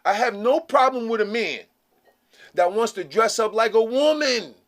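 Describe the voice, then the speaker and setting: Brief: middle-aged male vlogger, high-pitched, casual opinion rant, animated and repetitive. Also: moderate pace. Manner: animated, repetitive, laughing asides.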